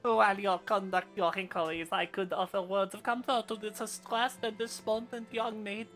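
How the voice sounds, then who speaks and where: Posh, flirtatious, gossipy male noble with a plummy drawl and a bright, sharp tone, read by a woman. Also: medium pitch, fairly even intonation, moderate pace, faint music behind, lightly acted. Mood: teasing. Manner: plummy upper-class drawl. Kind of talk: reading game dialogue aloud.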